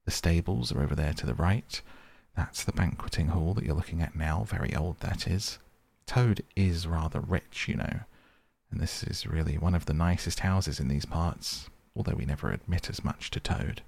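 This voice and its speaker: A man voicing a good-natured male water rat who talks cheerfully and briskly in a storybook reading. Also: low voice, creaky, darkish tone. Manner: cheerful, brisk, easily indignant.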